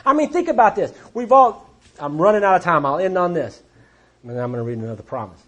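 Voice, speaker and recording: A man's voice: sits high, animated, fast, fairly bright tone. A man speaking at a recovery group meeting, telling his story in a blunt, plainspoken way with wry humor. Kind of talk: personal testimony talk.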